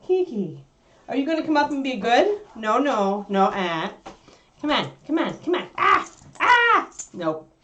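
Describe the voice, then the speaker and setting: A woman hosting a casual livestream, animated and laughing, cooing at her puppy between remarks. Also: fairly high pitch, moderate pace, muffled recording. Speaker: livestream host.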